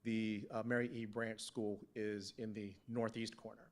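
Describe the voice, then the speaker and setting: A man on the town staff presenting slides at a council work session, halting, with many fillers and restarts. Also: lowish voice, level tone. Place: council meeting room.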